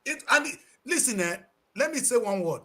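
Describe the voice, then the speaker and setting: A man's voice: extremely high pitch, expressive, normal speed, pushed and bright. A man with a Nigerian accent giving passionate, preachy talk-show commentary, slipping into Pidgin English.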